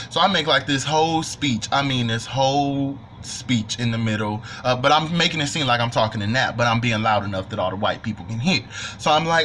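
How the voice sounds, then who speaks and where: A young man telling a personal story to camera in an animated, joking, profane way. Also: mid-range voice, a little fast, a little hiss or hum. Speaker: vlogger. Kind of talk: storytime monologue.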